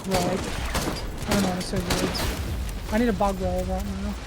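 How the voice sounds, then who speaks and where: A man's voice: high-pitched, little pitch movement, normal speed. Tired, joking male streamer. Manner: joking, scattered, laughs often. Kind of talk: casual gaming chat. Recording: loud noise over voice.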